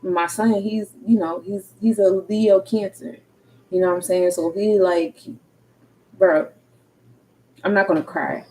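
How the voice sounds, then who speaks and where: A woman's voice: medium pitch, steady tone, unhurried, pauses often, dark tone, slight background noise, rough recording. A woman in her thirties with a Philadelphia accent, talking candidly and casually in slang, cursing freely as a tarot reader and energy coach. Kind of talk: casual livestream talk.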